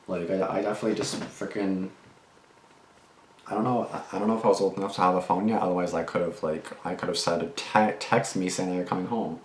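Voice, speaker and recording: A man's voice: low voice, fast. A young man casually rambling through reaction commentary and a personal story, full of fillers, restarts and swearing. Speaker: reaction channel host. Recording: echoey room with faint background noise.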